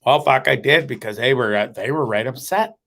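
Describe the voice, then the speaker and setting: A man hosting a comedic live show, telling stories in a rambling, profane, animated way. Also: medium pitch, brisk, vocal fry. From Canada. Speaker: host.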